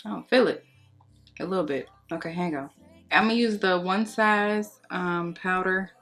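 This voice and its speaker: A woman's voice: on the low side, moderate pace, faint music behind. A young woman, chatting and gossiping casually while doing her makeup for a beauty vlog. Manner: chatty, gossipy, slangy and expressive. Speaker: beauty vlogger. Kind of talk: casual storytime during a makeup tutorial.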